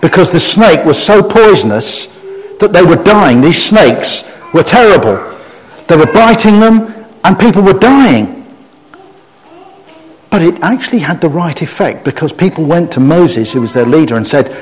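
A man's voice: on the high side, moderate pace. A middle-aged man preaching a story-based sermon, acting out the people in the story and getting the audience to join in. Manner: animated storyteller who acts out quotes and gets the audience to join in. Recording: long reverb of a large hall.

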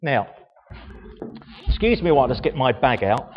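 A man's voice: mid-range voice, sing-song, normal speed, slight background noise. Chatty older man in an echoey hall. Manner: chatty, self-mocking, rhetorical questions. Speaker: speaker giving a talk. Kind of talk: informal show-and-tell talk. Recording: echoey hall, dull sound.

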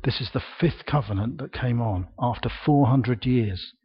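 An older man preaching a sermon in a church, slow and emphatic, with dramatic pauses and bursts of projection. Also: medium pitch, slightly rough, lo-fi sound.

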